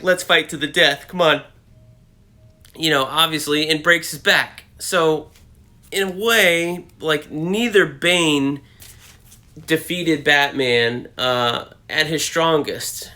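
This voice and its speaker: A man's voice: fairly high pitch, sharp tone. A man hosting his own comic book video channel, giving casual, rambling commentary full of fillers and self-corrections.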